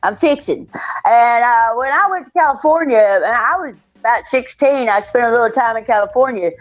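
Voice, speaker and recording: A woman with a Texan Southern accent, chatting casually as a podcast guest, salty and quick to laugh. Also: a little high, dull audio, soft background music. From Texas. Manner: salty, laughing, loose storyteller. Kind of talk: casual chat.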